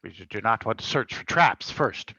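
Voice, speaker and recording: A man's voice: lowish voice, expressive, normal speed, sharp tone, slightly rough, dry recording. A man playing a tabletop role-playing game with dry, wry humor, on slightly muffled audio. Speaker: player.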